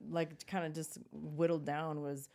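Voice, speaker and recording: A middle-aged woman co-hosting a podcast, telling a story in expressive casual chat and acting out quotes. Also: deep voice, gravelly. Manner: expressive, quick to laugh, acts out quotes. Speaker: podcast co-host.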